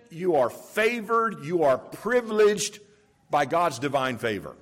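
A man's voice: on the high side, breathy edge. A man preaching a sermon in a conversational, storytelling way, stressing points by repeating them. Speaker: pastor.

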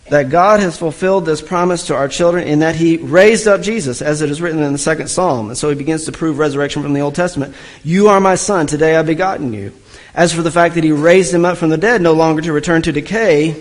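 A man's voice: a little high, poor audio. A male preacher teaching through a scripture passage, reading verses aloud and then asking his listeners questions he answers himself. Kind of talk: expository sermon teaching.

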